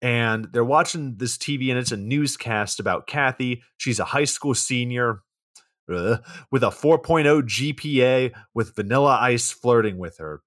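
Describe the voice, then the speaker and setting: A podcast co-host recaps a movie plot in a laid-back way, swearing and tossing in asides as he goes. His voice is medium-pitched and a bit bright, at a moderate pace. The recording is dry, with clean studio sound.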